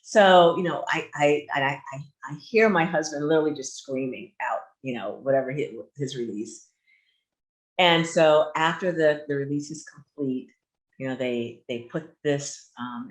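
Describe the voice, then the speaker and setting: A woman hosting a radio talk show, telling a personal story in an animated, candid way. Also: deep voice, moderate pace.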